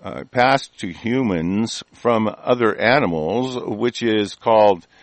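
A man's voice: fairly low pitch, slow, dry recording. Angry, profane older man ranting. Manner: angry, profane, shouting tirade. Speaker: host of an online broadcast. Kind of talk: ranting monologue broadcast.

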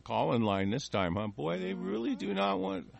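A man's voice: on the high side, sing-song, moderate pace, vocal fry, highs cut off. A man hosting a call-in show, delivering an angry, profane political rant in heated bursts.

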